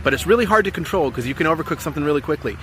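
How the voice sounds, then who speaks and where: A man's voice: on the high side, animated, racing, a bit bright, slight background noise. A man giving an earnest, encouraging coaching talk on relationships, repeating his key points as he goes. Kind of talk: motivational coaching talk to camera.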